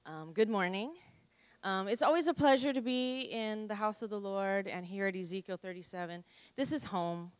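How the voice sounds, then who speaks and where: A pastor's wife greeting the congregation and leading prayer in an earnest, soft-spoken way. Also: female voice, mid-range voice, moderate pace, clean tone, dry recording. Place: church.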